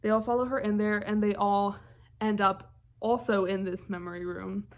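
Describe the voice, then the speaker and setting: A woman's voice: medium pitch, steady tone, normal speed. A young woman casually recapping a film's plot in a rambling, enthusiastic way, full of fillers. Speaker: film reviewer.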